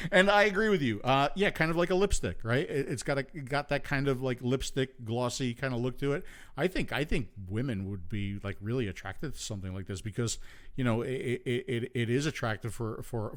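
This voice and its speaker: A man hosting a casual livestream chat show, excitable and rambling, often repeating himself. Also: medium pitch. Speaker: show host.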